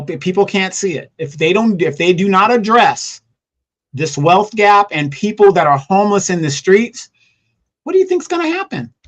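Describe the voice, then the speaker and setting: A man with a notably high voice talks politics on a live stream. He argues hard, firing off rhetorical questions one after another. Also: fairly bright tone. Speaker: co-host. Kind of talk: political commentary.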